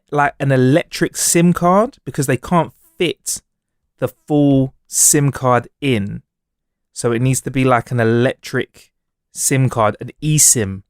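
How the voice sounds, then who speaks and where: A young man co-hosting a podcast in relaxed, chatty banter that often trails into restarts. His pitch is ordinary. The sound is close and dry. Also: slow, no echo. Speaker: podcast co-host. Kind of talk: casual chat.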